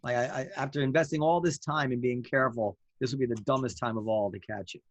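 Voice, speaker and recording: A man co-hosting a podcast over a video call, talking casually with many halting restarts. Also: medium pitch, steady tone, no room sound, muffled recording. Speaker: podcast co-host.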